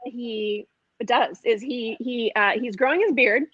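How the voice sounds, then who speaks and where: A woman's voice: a little high, a little slow, fairly bright tone, no room sound, highs cut off. A woman improv performer chatting casually on a video call, with many restarts and fillers.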